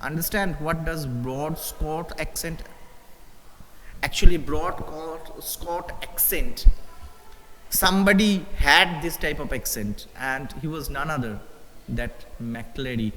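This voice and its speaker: A high, bright male voice with an Indian English accent, teaching a live English literature lesson. He reads a passage and then goes over it again in simpler words, with frequent "uh" and "you know." The sound has a long reverb and faint noise behind it. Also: takes it slowly. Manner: reads a passage, then explains it with fillers and repeats.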